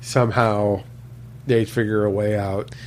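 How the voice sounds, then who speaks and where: Slow, unhurried man in casual chat. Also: on the low side, little pitch movement. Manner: unhurried, loose, lots of ums and uhs. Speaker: podcast co-host.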